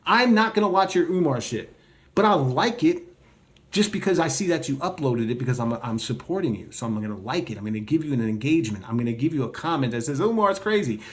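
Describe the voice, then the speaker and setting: A man ranting in a response video, combative and profane, speaking straight to his viewers. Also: a little high. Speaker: online commentator. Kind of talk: heated response video rant.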